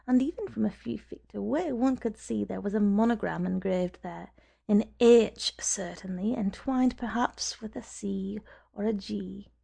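A woman narrates an audiobook story in a measured, soft-spoken manner, sometimes almost whispering. Her mid-pitched voice is dark and mellow, with a gravelly fry.

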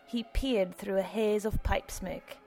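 A woman narrating an audiobook in an even, measured storytelling manner. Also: medium pitch, vocal fry, faint music behind.

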